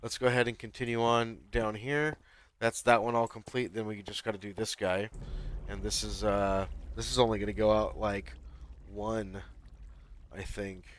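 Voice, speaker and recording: A man's voice: lowish voice, little pitch movement, normal speed. A man streaming a building game, talking himself through each step and chatting with viewers in an easygoing way. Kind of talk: live-stream gameplay commentary.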